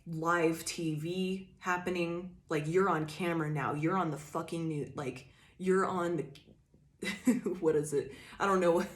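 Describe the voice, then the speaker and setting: Low-voiced woman giving a blunt tarot reading. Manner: emphatic, swears freely, addresses the viewer directly; loose rambling talk with frequent "like" and "you know". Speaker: tarot reader. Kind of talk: casual collective tarot reading.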